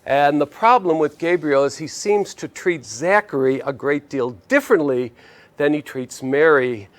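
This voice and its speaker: A man's voice: a little high, a little slow. A man teaching in a conversational storytelling lecture, often checking in with his listeners. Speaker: spiritual teacher.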